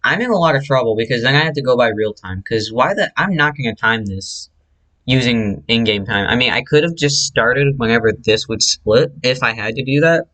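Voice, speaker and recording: A man's voice: mid-range voice, lively intonation, brisk, pushed and bright, low-quality recording. A man who speedruns, casually explaining his own run over replay footage, chatty and correcting himself as he goes.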